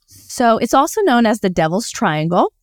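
A woman's voice: on the high side, very animated, moderate pace, dry recording, studio quality. A woman co-hosting a casual podcast, telling a history mystery in a chatty way with many fillers and small restarts. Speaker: podcast co-host.

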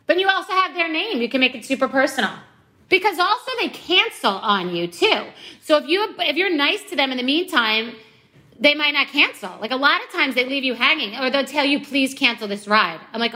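A woman hosting a podcast, telling a story casually with a bright, clear tone that sits a little high. She jokes and mocks herself with lively energy. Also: a little fast. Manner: animated, joking, self-mocking. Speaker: podcast host.

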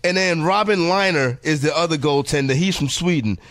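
A man's voice: on the high side, fairly quick, fairly bright tone, no echo. A man hosting a radio show, chatting casually and joking as he stumbles through a list of names. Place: radio studio.

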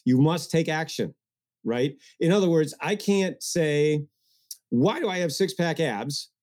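A man speaking as a guest coach in an interview, energetic and getting worked up, with mocking asides. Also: a little high. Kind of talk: animated interview talk.

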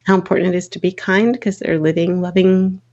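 A woman, a children's book author, chatting in an interview and telling stories, animated when quoting others. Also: fairly low pitch, fairly quick, muffled recording. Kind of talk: casual interview storytelling.

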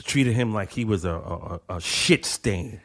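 A man with a New York accent co-hosts a casual podcast, speaking bluntly in slang and swearing a lot. His voice is lowish, animated, and unhurried.

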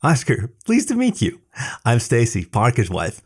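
A man voicing a nosy, flustered raccoon woman in a high, prim voice. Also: huge pitch swings, normal speed, darkish tone, slightly rough. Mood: surprised.

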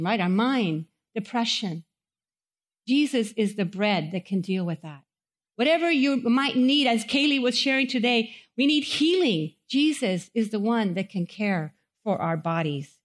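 Woman preacher, slightly high voice, chatty sermon delivery with questions to the congregation. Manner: conversational, asks the audience questions, acts out quotes. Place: chapel.

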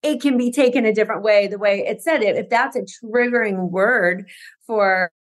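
A woman guest on a podcast chatting casually, halting with many fillers and restarts and laughing easily. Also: medium pitch. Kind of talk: casual chat.

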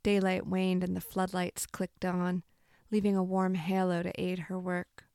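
Calm woman narrating a literary story. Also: on the low side, measured pace, smooth, dry recording, clean studio sound. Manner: calm, even storytelling, with lightly voiced dialogue.

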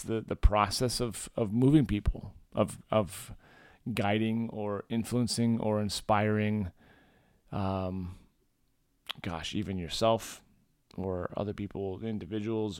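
A man hosting a solo podcast, his voice sitting low with a slightly groggy morning tone. He talks in a casual, reflective way, pausing on "uh" and circling back as he works through his thoughts. The sound is close and dry, with no room around it. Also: a little mellow, no echo. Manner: reflective, thinking aloud with many fillers and restarts. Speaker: podcast host and men's coach.

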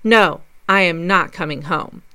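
A woman's voice: fairly low pitch, a little slow, bright, forceful tone, smooth, pitched below the performer's own voice. A woman voicing her insistent, cryptic friend as she retells a story. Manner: insistent, matter-of-fact.

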